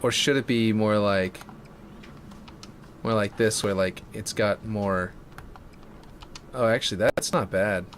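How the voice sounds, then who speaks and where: A man's voice: lowish voice, fairly even intonation, slow pace, pauses often, slight background noise. A man streaming a game map build live, chatting casually and thinking aloud in a self-mocking way.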